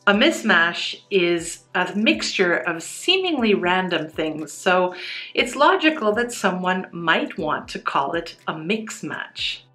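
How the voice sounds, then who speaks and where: Bright, slow-spoken woman teaching English. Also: lowish voice, sing-song, faint music behind. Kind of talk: scripted educational explanation.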